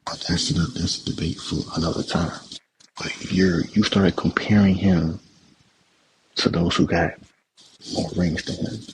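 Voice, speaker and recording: A young man hosting a podcast goes on a heated sports rant that keeps repeating itself and slides into swearing when he gets upset. His deep voice has a fairly even intonation and a slightly slow pace with long pauses. The recording is low quality, with a little hiss or hum.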